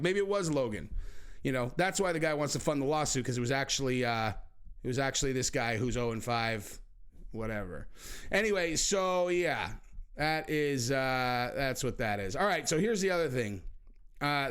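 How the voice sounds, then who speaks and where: A man giving casual commentary, sarcastic, often acting out other people's lines in changed voices. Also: fairly high pitch. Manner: sarcastic, acts out quotes with shifting voices.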